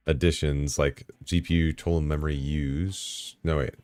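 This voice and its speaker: Man, very deep voice, casual streamer chatter, swears a lot, dry close sound, faint music behind. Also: a little slow, dry recording. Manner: swearing, talking to himself, excited outbursts. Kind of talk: casual live-stream commentary while setting up software.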